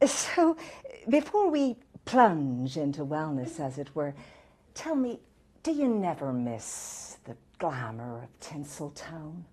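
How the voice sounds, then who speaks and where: This is a beleaguered talk show host, played by a woman, polite and formal, who stammers when flustered. She has a lowish voice with lively swings in pitch. Her pace is slow and deliberate. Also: husky, exaggerated voice. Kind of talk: stand-up character comedy.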